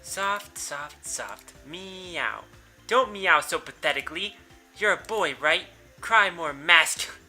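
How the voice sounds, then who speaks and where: A man's voice: a little high, animated, slow, pushed and bright, faint music behind, exaggerated voice. A man reading a brusque teenage girl in a visual novel as she bosses her cats around in a curt, scolding way.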